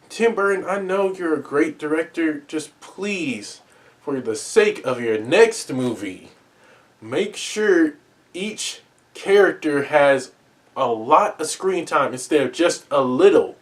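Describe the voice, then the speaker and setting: A man's voice: a little high, expressive, slow. A man giving a casual spoken movie review, talking earnestly, often repeating and restarting his words and making pleading asides.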